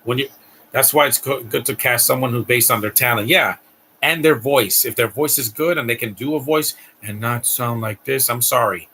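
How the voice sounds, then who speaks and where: A man's voice: mid-range voice, moderate pace, pushed and bright, slight background noise, rough recording. A man hosting a live stream, giving a blunt, ranting movie reaction commentary with frequent restarts.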